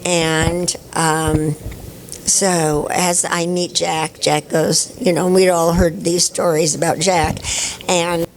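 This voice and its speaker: An older woman tells chatty, laugh-filled stories as a guest on a convention panel. Her voice sits a little low. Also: level tone, slow pace, a little hiss or hum, poor audio. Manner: chatty anecdotal storyteller, laughs often.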